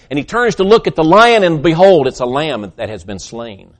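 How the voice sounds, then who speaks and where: A man preaching a sermon, swinging between loud emphatic peaks and hushed, soft passages, often repeating words as he builds. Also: on the high side, fairly quick, hardly any pauses. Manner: repeats words when excited.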